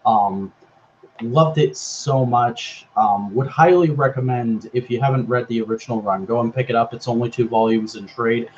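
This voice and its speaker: A man co-hosting a casual comics chat, relaxed, with dry teasing. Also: mid-range voice, normal speed. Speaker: podcast co-host. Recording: dull lo-fi sound with faint noise.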